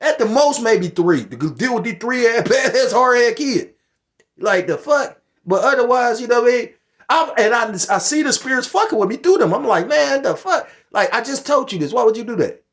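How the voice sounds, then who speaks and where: A man's voice: very high voice, animated, brisk, fairly bright tone. A middle-aged man giving rambling, profane commentary on scripture and current events, heated and full of restarts. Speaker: religious commentator.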